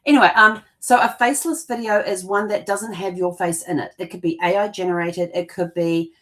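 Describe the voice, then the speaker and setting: A woman co-hosting a casual conversation with a somewhat low voice. She explains in long, loose runs, trailing off and restarting often. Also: fairly even intonation, fairly quick, fairly bright tone. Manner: rambling, with many fillers and restarts. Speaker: co-host.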